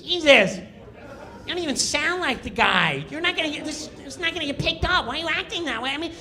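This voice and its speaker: A man doing a high-pitched impression of a nitpicking male castmate who keeps needling a colleague. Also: lively intonation, fairly quick, sharp tone, full character voice. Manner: nagging, incredulous, high-pitched.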